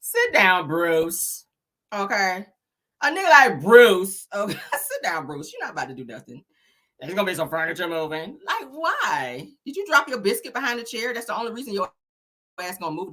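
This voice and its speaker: Sassy, animated woman gossip host. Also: lowish voice. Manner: sassy, slangy, teasing, calls the viewers honey and child. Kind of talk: casual celebrity gossip commentary on a livestream.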